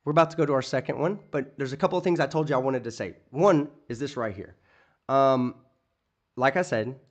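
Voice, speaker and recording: A man hosting a live stream, ranting in profane, scornful commentary. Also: medium pitch. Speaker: streamer host.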